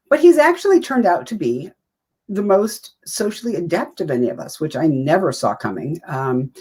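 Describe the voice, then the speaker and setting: A woman's voice: lowish voice, a little mellow, breathy edge. A woman in her fifties, a guest in an interview, talking in a chatty, rambling way with self-deprecating humor. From United States. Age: 50s. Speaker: writer and guest. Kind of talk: casual interview talk.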